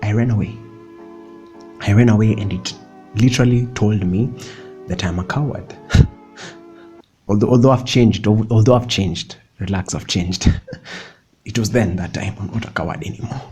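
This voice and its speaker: Playful young man with a mellow, lowish voice. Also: moderate pace, pauses often, faint music behind. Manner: chatty and playful, laughing often, mixing in Swahili slang. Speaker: vlogger. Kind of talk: casual motivational vlog talk.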